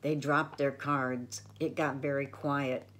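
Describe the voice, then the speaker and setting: An older woman reading a children's storybook aloud, gentle and expressive. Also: very deep voice, slow pace.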